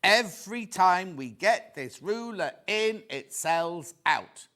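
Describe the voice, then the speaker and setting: Chatty, lively-pitched man presenting. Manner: chatty, excitable, quick asides to viewers and crew. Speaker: shopping channel presenter. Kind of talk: live TV selling chat.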